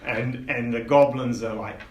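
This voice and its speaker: A man narrating a tabletop game as dungeon master, unhurried and descriptive, with frequent fillers. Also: medium pitch, steady tone. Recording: roomy echo with faint noise.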